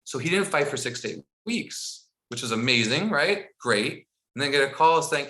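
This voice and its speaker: Bright-voiced man telling stories. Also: mid-range voice, normal speed. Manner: animated, acts out dialogue, laughs while telling. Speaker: guest, founder of a school mindfulness program. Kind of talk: storytelling in a podcast interview.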